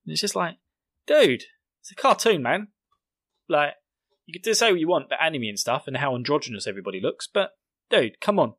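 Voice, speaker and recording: A man's voice: on the high side, fairly bright tone, dry recording. A young British man hosting a podcast, recapping an episode in a jokey, sarcastic, rambling way. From Britain. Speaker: podcast host.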